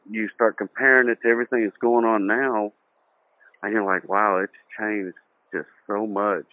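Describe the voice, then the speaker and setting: Middle-aged man, animated storyteller, tinny phone-like sound, dry. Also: fairly low pitch, no echo. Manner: animated, acts out quoted voices, laughs through his own story. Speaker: guest. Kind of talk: casual storytelling interview.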